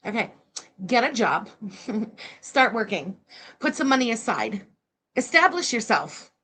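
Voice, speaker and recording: A woman's voice: a little high, very animated, a little slow, pushed and bright, slightly rough. A woman hosting a reaction livestream, giving blunt, sarcastic, scornful commentary. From Canada. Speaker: commentary channel host.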